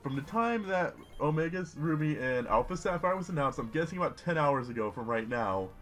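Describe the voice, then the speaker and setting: A young man giving rambling, excitable commentary while playing a video game. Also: on the high side, fairly quick, soft background music. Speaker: gaming YouTuber. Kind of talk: casual Let's Play commentary.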